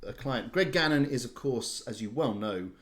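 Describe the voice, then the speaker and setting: A man running a tabletop game, narrating in a halting way with many restarts. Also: mid-range voice, lively intonation, fairly bright tone. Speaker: game master.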